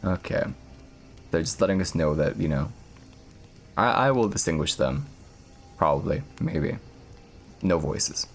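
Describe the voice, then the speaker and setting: Low-voiced, rambling, profane male streamer. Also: very animated, measured pace, gravelly, long pauses, soft background music. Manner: rambling, profane, chatty with viewers. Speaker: streamer reading horror stories. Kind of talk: casual live-stream chat.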